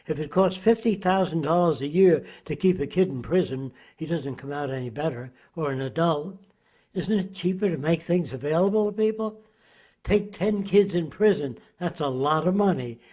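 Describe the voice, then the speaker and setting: A man's voice: on the high side, moderate pace, a little mellow. A man in his nineties giving emphatic, lecturing interview answers and often asking rhetorical questions. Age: 90s.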